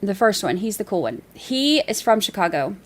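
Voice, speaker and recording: A woman's voice: medium pitch, sing-song, moderate pace. A woman hosting a casual livestream, reading viewer messages aloud and chatting in a rambling, easygoing way with easy laughs.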